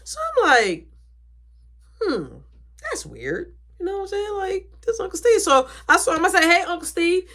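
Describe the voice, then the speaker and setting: Animated young woman telling a family story. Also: extremely high pitch, moderate pace. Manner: animated, acts out quoted voices, drops to whispers. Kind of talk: casual storytime.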